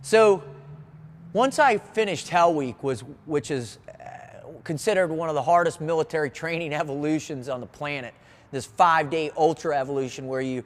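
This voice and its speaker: A man's voice: on the high side, moderate pace. A man telling a personal story as a motivational speaker, earnest and vivid, often restarting his phrases. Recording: long hall reverb.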